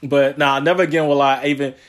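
This podcast host talks fast in a slightly high voice, telling rambling, animated stories in casual chat. He laughs often and peppers his talk with slang like "yo" and "man."

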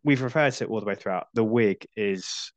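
A man's voice: lowish voice, a little fast, dry recording. A man in his forties hosting a podcast, chatting casually about films with frequent restarts and dry asides. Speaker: podcast host. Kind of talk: casual film discussion.

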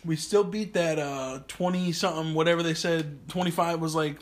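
A man's voice: on the high side, fairly even intonation, moderate pace, a little hiss or hum. A man co-hosting a podcast in loose, laid-back banter, full of "dude" and swearing, in a studio. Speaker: podcast co-host.

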